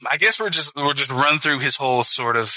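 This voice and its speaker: A man's voice: medium pitch, lively intonation, fairly quick, bright, forceful tone, no room sound, poor audio. A man co-hosting a podcast, chatting casually about a movie, enthusiastic, swearing and acting out scenes. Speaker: podcast co-host. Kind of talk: casual movie review chat.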